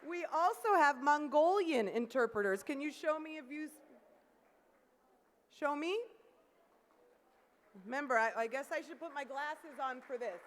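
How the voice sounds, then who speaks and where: Long hall reverb surrounds a woman giving an interactive keynote in a large conference hall. Her voice is high and expressive, a little slow with long pauses, as she upbeatly encourages the audience to shout out greetings.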